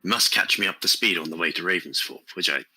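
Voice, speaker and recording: A man's voice: deep voice, quick pace, pushed and bright, breathy edge, soft background music, heavily acted. A man playing an earnest young male adventurer who talks in a friendly, slightly formal way.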